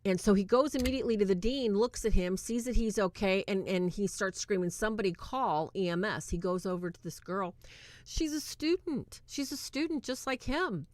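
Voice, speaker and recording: A woman's voice: medium pitch, lively intonation, normal speed, darkish tone, no room sound. A woman hosting a casual livestream movie review, eagerly retelling scenes and checking in with her chat.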